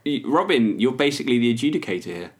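A man's voice: mid-range voice, lively intonation, fast talker. A man co-hosting a comedy podcast, teasing and laughing often in casual chat. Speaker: podcast co-host.

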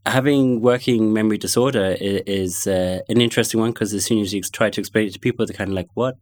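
A middle-aged man with a London accent tinged with Connemara, thoughtfully recounting his own experience with many pauses and restarts. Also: on the low side, steady tone, a little mellow, dry recording, clean studio sound. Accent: London with touches of Connemara. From born in London, family from Galway. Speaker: guest sharing personal experience. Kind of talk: reflective personal account.

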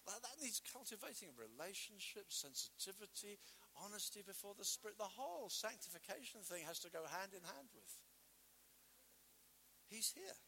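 A man preaching a sermon with passion, acting out quotes and swinging between loud declarations and hushed asides. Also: high-pitched, big pitch swings, fairly quick, big-room sound, a little hiss or hum.

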